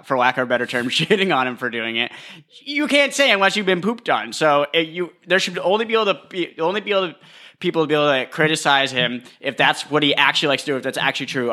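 A man's voice: a little high, lively intonation, quick pace, sharp tone. A young man co-hosting a podcast, chatting casually in a crude, joking, rambling way. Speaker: podcast co-host. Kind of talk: casual chat.

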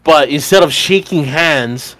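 A man's voice: fairly high pitch, unhurried, fairly bright tone, dry recording. A man in his twenties, a podcast co-host, telling a bar story in casual chat, rambling and swearing, full of fillers. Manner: rambling, profane, filler-heavy retelling with laughs.

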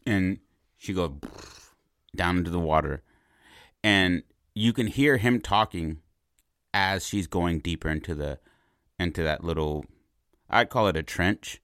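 Low-voiced man telling a rambling story. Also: measured pace, long pauses, dry recording, studio quality. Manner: rambling and animated, repeats words, asks "right?". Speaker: podcast host pitching a movie idea. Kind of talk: casual storytelling.

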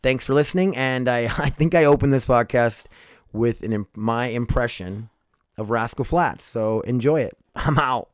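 A man's voice: mid-range voice, normal speed, clean tone, no echo, studio quality. A man hosting his own podcast in loose, rambling, profane chat, sleepy and yawning, calling his listeners "you guys" and "dude.". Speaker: podcast host.

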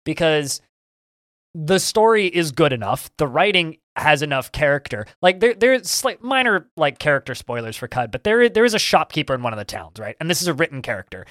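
A man's voice: fairly high pitch, a bit bright, no echo, studio quality. A man co-hosting a podcast, chatting casually and enthusiastically about video games, rambling with frequent stammered restarts. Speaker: podcast co-host.

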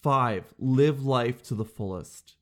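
A man talking through a comedy monologue in a sarcastic, conversational way. His voice sits at a middling pitch, and he jumps now and then into high, silly mocking voices. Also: slow, a bit bright.

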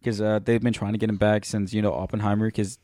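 A man's voice: fairly low pitch, level tone, quick pace, mellow, dry recording, clean studio sound. A man co-hosting a podcast in loose, rambling casual chat, swearing often. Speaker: podcast co-host.

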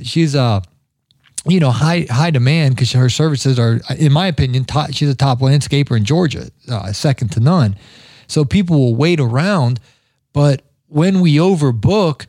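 Chatty high-voiced man rambling casually. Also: a little mellow, no echo, studio quality. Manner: chatty, rambling storyteller with many fillers. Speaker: podcast host. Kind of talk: casual spoken monologue. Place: lives in Georgia.

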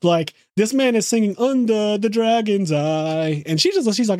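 A young adult man chatting casually as podcast co-host, animated and profane. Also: sits high, moderate pace, no room sound, studio quality. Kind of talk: casual chat.

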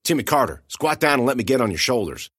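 A man's voice: mid-range voice, very animated, fast talker, fairly bright tone, husky, no room sound, clean studio sound. Blunt folksy farm girl, read by a man.

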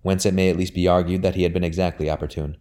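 Deep-voiced man narrating an audiobook. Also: level tone, very fast, warm tone.

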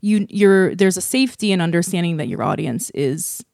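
A woman who grew up in Asia, co-hosting an interview in a relaxed conversational way. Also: fairly low pitch, normal speed, creaky, no room sound, clean studio sound. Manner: conversational, frequent backchannel agreement. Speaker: podcast co-host. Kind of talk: casual interview chat.

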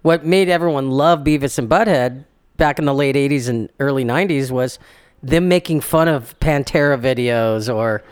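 A man's voice: mid-range voice, moderate pace, clean tone. A young man co-hosting a podcast in casual chat, rambling, restarting sentences and laughing often. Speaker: podcast co-host.

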